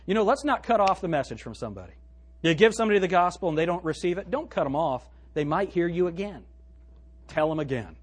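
Animated male pastor, slightly high and husky, sermon delivery. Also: fast talker. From United States. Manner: animated preaching, swinging from loud to hushed; quotes scripture in old-fashioned wording.

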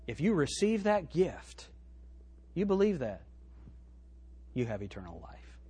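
A man preaching a sermon as pastor, reading scripture aloud and swinging between loud and hushed delivery. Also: a little high, big pitch swings, measured pace, husky. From United States. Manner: quotes scripture in old-fashioned wording.

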